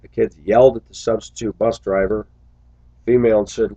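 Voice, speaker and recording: A man's voice: lowish voice, little pitch movement, normal speed, mellow, breathy edge, no room sound, low-quality recording. A man who drives a school bus, talking earnestly to his viewers in a casual, reflective monologue full of little stories.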